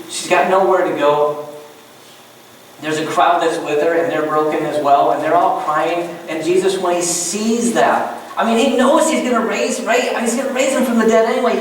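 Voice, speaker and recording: A man preaching a sermon to his congregation as pastor, animated and joking in asides. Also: high voice, slight background noise. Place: church. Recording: echoey church room from far off.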